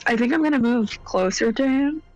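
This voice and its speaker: A woman's voice: on the high side, fairly quick, darkish tone, highs cut off, soft background music. A woman playing in a tabletop game, laying out her plan step by step. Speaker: player.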